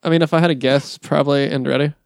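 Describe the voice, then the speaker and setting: A man's voice: fairly high pitch, fairly even intonation, quick pace, vocal fry, smooth, dry recording, studio quality. A man co-hosting a casual beer review podcast, rambling and hesitant, often laughing. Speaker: podcast co-host. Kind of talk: casual chat.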